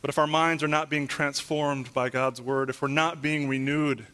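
Pastor guy preaching in church, bright ringing voice a bit on the high side, lots of questions to the congregation, gets loud on the big lines. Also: steady tone, normal speed, smooth. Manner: earnest preaching with rhetorical questions; builds to loud emphatic peaks when reading scripture. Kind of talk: sermon.

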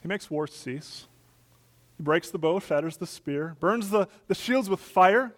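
Man, pastor, sermon, fairly high voice, emphatic, swings between loud and soft. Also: animated, unhurried. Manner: emphatic, rising to loud peaks then dropping soft.

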